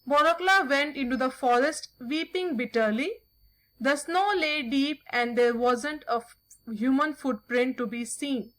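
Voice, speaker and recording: A woman teacher reads a folk tale aloud and stops to give vocabulary instructions. She has a high voice and reads slowly and carefully. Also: a bit bright, rough recording. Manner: slow, careful reading with instructions.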